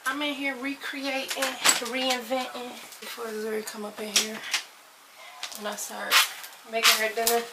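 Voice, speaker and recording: A woman in her thirties chatting casually to camera in her kitchen while cooking, animated and folksy. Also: on the high side, unhurried. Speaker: vlogger. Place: home kitchen, moving around. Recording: slightly distant with faint room noise.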